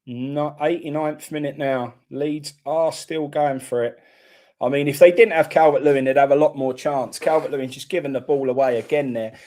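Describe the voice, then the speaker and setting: A man's voice: a little high, fairly even intonation, moderate pace, darkish tone. A man hosting a live football watchalong, chatting casually and reacting bluntly to the play.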